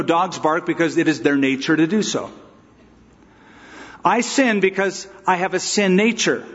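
A man's voice: high voice, long reverb tail, highs cut off. A pastor giving an emphatic, conversational expository sermon, asking his listeners rhetorical questions.

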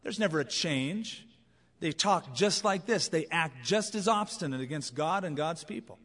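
A man's voice: a little high, expressive, normal speed, fairly bright tone, slightly rough. A man preaching a sermon as a pastor, in a conversational, emphatic way with anecdotes. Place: large church auditorium. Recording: long reverb of a large hall.

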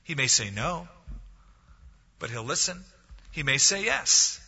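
A man's voice: on the high side, animated, measured pace, bright, forceful tone, breathy edge. A man preaching a sermon as pastor, telling a story and acting out the voices of the people in it. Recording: dull lo-fi audio, long hall reverb.

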